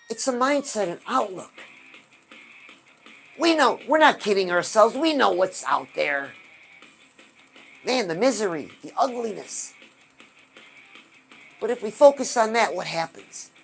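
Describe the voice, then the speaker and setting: A woman hosting a live stream, giving an animated motivational talk and asking her viewers rhetorical questions. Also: on the high side. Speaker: livestream host.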